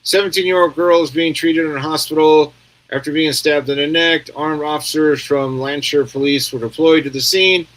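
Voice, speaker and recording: A man's voice: fairly high pitch, fairly bright tone, low-quality recording. An American man giving casual live-stream news commentary, rambling and sarcastic, reading viewer comments aloud from home.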